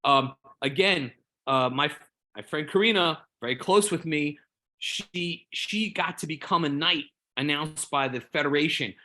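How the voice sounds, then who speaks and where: This Jedi community member speaks a little slowly, his voice on the high side, bright and forceful. In a casual group chat, he rambles earnestly through a story, showing his feelings openly and repeating words while he hunts for the right ones.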